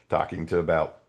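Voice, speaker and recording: A man's voice: a bass voice, creaky. A man in his sixties, a guest author animatedly telling a story in a podcast interview. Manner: animated storytelling with quoted dialogue.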